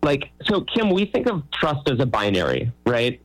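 A man's voice: medium pitch, sing-song, moderate pace, soft background music, low-quality recording. A man, a magician guest on a radio show, explaining things in an easygoing, playful way. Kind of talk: radio interview.

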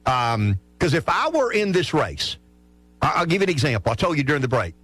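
A man giving talk-radio political analysis, animated and often repeating words as he restarts. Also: a little high, brisk, breathy edge, dry recording, soft background music. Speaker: political commentator.

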